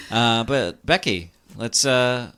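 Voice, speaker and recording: A man's voice: mid-range voice, sing-song, bright, forceful tone, clean tone. A young man hosting a podcast game, joking and teasing in casual banter. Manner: joking, teasing, quick asides. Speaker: podcast host running a game.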